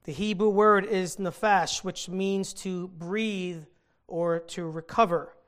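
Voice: medium pitch, fairly even intonation, slow, fairly bright tone. A Bible teacher giving an earnest scripture teaching, stopping to explain the meaning of original-language words.

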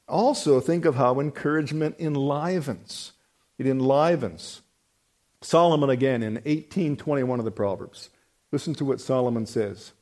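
Slow, emphatic male preacher. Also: on the high side. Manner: emphatic, dramatic swings between loud and hushed. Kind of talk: sermon.

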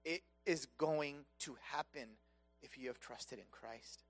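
A man preaching a sermon, impassioned and conversational, swinging between loud emphatic peaks and soft hushed lows. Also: slow pace, faint music behind. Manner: conversational, casual asides.

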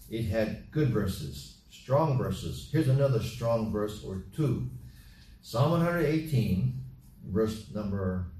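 Male preacher, mellow dark tone, repetitive emphatic delivery, picked up off mic in an echoey room. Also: mid-range voice, recorded from a distance, slight background noise. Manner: repetitive, emphatic exhortation with acted-out party chatter. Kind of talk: sermon. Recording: roomy echo from off mic with faint ambience.

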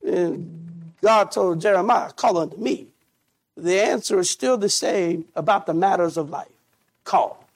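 A man with a high voice preaches a sermon. He uses call and response and dramatic pauses. His delivery builds toward shouted peaks. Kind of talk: sermon with closing prayer.

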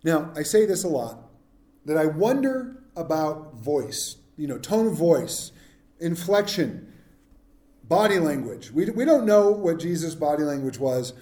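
A man preaching to his congregation with a fairly high, mellow voice. He talks in an easygoing, humorous way and keeps tossing questions to the listeners. The sound is roomy, with a clear echo around him. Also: very animated, measured pace. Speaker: pastor. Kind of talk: sermon.

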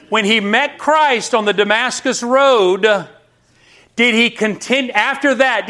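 A man's voice: very high voice, a bit bright. A middle-aged man preaching a sermon as pastor, emphatic and firing rhetorical questions at his congregation.

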